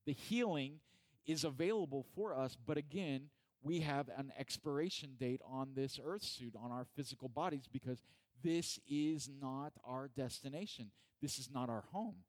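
A man's voice: medium pitch, normal speed. A man preaching in an earnest Bible study, repeating points and asking questions of his listeners.

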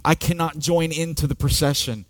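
A man preaching a sermon with slow, dramatic delivery, dropping to near-whispers and rising to loud peaks. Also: on the high side, fairly even intonation, no echo, studio quality. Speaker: pastor.

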